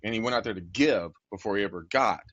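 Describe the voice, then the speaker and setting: Male podcast host, lower voice, blunt and jokey, dry dull recording. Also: fast talker, a bit bright, dry recording. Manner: blunt, jokey, swears casually. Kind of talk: casual podcast conversation. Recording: dry, muffled lo-fi audio.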